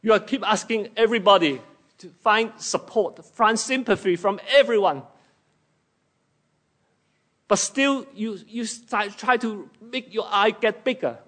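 A man preaching a sermon in an unhurried, emphatic way. His voice sits high for a man. He acts out scripture quotes with dramatic shifts in tone. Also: a bit bright.

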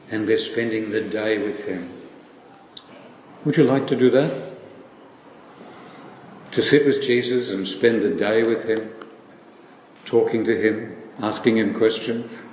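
Slow-speaking preacher in an echoey hall. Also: male voice, lowish voice, a little mellow, a little hiss or hum. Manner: slow, reflective, with rhetorical questions. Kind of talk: sermon. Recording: echoey hall with faint ambience.

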